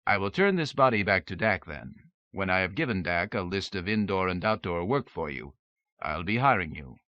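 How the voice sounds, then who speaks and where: A man's voice: low-pitched, big pitch swings, moderate pace, no room sound. A man playing a commanding, formal male inventor who speaks in a clipped way, in a dull, dry recording.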